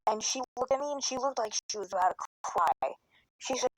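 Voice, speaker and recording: A woman's voice: a little high, fast, no echo, poor audio. A teenage girl telling a personal storytime in a rambling, emotional way, swearing a lot and sometimes choking up, recorded on a phone. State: tearful at times. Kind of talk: casual storytime monologue.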